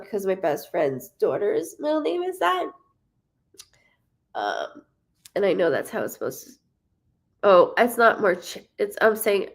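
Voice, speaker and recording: A woman giving a live psychic reading. She speaks haltingly, with frequent ums and self-corrections, and apologizes to her viewers and reassures them. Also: medium pitch, gravelly. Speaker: psychic medium. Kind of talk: live-streamed spirit reading.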